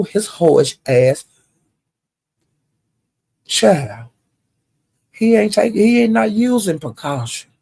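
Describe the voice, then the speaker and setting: An older woman telling a story in a loud, profane, animated casual rant. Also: fairly low pitch, gravelly, slightly rough.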